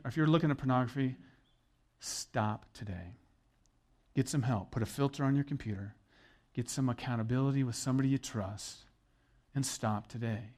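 A middle-aged man preaching a sermon as pastor, conversational and earnest with joking asides. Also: medium pitch.

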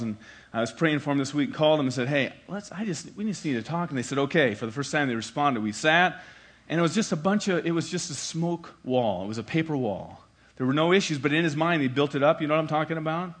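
Male pastor, higher-pitched voice, conversational sermon delivery, repeats lines for emphasis. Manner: conversational preaching with emphatic repetition.

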